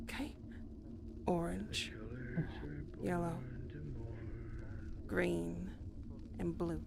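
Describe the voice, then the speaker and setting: A woman's voice: lowish voice, little pitch movement, extremely slow, creaky, noisy background. A woman doing in-character voice roleplay in a tender, tearful way. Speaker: streamer playing her roleplay character.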